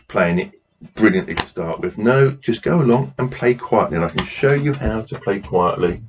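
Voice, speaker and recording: A man's voice: on the low side, lively intonation, moderate pace. A man running a drumming workshop, patiently explaining rhythms and counting beats aloud while he plays. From England. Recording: dull lo-fi sound with noise.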